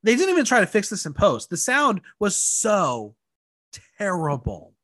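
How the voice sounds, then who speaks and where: Lively high-voiced man chatting. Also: a little slow, dry recording. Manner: animated, reads out quotes in put-on voices. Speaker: podcast co-host. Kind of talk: casual recap chat.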